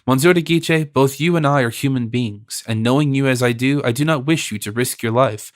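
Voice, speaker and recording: A man reading an audiobook, voicing a composed, gentle noble princess in a measured, lightly raised voice. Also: medium pitch, lightly acted. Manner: gentle, measured, softly teasing.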